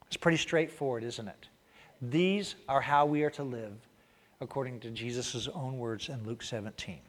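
A man pastor preaching a sermon, reading Scripture and acting out the people in it, swinging from loud outbursts to quiet asides. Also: medium pitch, in a large hall. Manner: animated, acts out voices, swings from loud to quiet.

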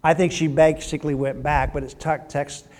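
A man's voice: fairly high pitch, level tone, normal speed, a little mellow. Man preaching in an echoing hall. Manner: emphatic preaching with swells and drops in volume. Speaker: pastor. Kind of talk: sermon. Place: church sanctuary. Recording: long hall reverb.

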